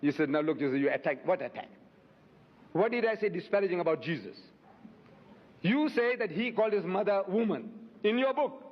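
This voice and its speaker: Forceful rhetorical man in echoing hall. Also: sits high, lively intonation, fairly quick, long pauses. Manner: forceful, rhetorical, repeats questions for emphasis. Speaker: debate speaker answering audience questions. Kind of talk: impassioned public debate rebuttal. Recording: lo-fi hall recording with long reverb.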